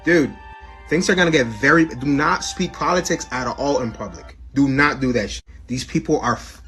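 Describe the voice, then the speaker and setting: A man's voice: mid-range voice, moderate pace, fairly bright tone, soft background music. A man ranting heatedly and swearing constantly in a casual video. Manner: heated, profane rant.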